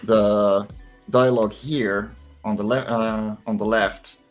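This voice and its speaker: A man's voice: on the low side, steady tone, slow, loud music behind the voice. A man co-hosting a casual online drawing stream, explaining his work as he thinks aloud. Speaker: stream co-host and comic creator. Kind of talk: casual chat while lettering comics live.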